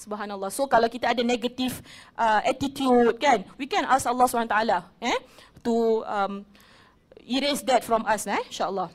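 A woman's voice: a little high, a little fast. A woman with a Malaysian accent giving a religious talk to an audience, chatty and switching between English and Malay as she speaks.

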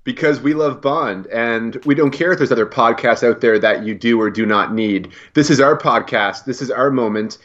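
A man's voice: mid-range voice, normal speed, few pauses, a bit bright, muffled recording. A man co-hosting a casual podcast, wry and joking, sometimes stumbling over his words. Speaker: podcast co-host.

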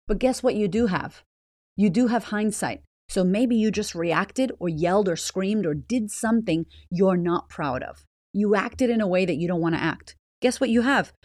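A woman's voice: medium pitch, animated, a little slow, a little mellow, no echo, studio quality. A woman hosting a motivational podcast, blunt, swearing freely and firing rhetorical questions at the listener. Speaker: podcast host.

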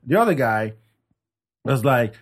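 A man's voice: medium pitch, unhurried. A man hosting a podcast, chatting casually and telling stories with comic voice impressions. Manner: animated storyteller, mimics voices for jokes. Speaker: podcast host. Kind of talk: casual comedic chat.

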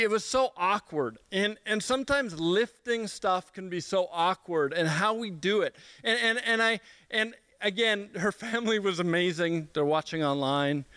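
Young male speaker, bright crisp voice, dry close sound, animated storyteller. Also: high voice, dry recording. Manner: animated storyteller, self-mocking, many restarts. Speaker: speaker at a church gathering. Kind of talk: humorous personal story in a sermon.

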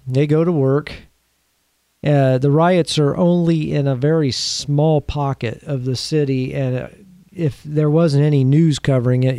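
A man giving earnest opinion commentary, slowing down to stress his points and putting rhetorical questions to the listener. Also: mid-range voice, dark tone, dry recording, clean studio sound. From United States.

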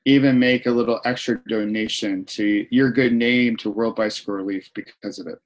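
A man's voice: on the low side, fairly even intonation, moderate pace. Reflective male podcast guest. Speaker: podcast guest, author and speaker. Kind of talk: casual interview chat.

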